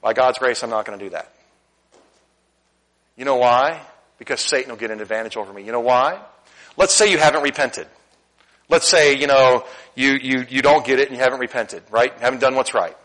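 A middle-aged man preaching a sermon in a church, candid and animated, swinging between loud emphasis and quiet asides. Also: medium pitch, fairly quick, long pauses, poor audio. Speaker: pastor. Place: church sanctuary.

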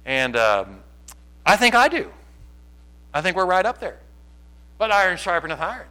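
At a normal speed, this pastor's sermon alternates between loud, urgent lines and quiet, gentle asides. His voice is pitched a little high and carries a bright, forceful edge, and his delivery to the congregation is animated.

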